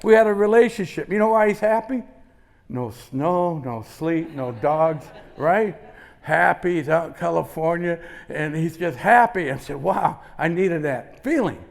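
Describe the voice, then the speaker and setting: High, gravelly keynote storyteller. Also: male voice, expressive, a little slow. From Indiana. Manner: punchy storytelling, jumps from hushed asides to loud outbursts. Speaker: motivational speaker. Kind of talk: keynote speech. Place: conference stage before a live audience.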